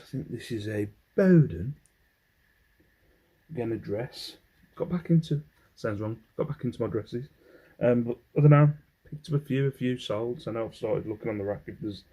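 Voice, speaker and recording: In a dark, mid-range voice with a breathy edge, an Englishman at a moderate pace sorts through finds in a casual haul vlog as a clothing reseller. He rambles and hums between items, and the recording is low quality.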